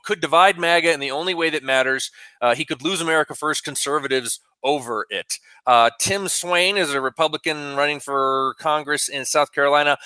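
A man co-hosting a talk radio show, reading out quotes with halting fillers. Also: a little high, pushed and bright, clear, resonant tone, dry recording.

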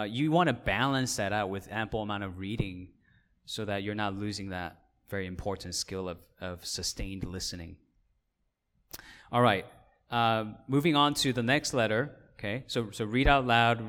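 A man leads a church seminar in a fairly low voice. He talks conversationally, with fillers and self-corrections. He keeps checking in with his listeners. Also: a bit bright. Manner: checks in with the audience. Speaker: pastor teaching a seminar. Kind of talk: casual teaching talk.

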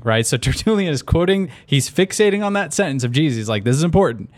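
A man's voice: fairly high pitch, very animated, a little fast, few pauses. A man in a casual Bible study discussion, reading an old quote aloud and commenting on it conversationally.

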